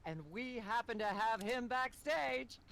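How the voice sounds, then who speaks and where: A snide TV talk show hostess. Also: female voice, fairly high pitch, unhurried, creaky. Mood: condescending. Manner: condescending, droning.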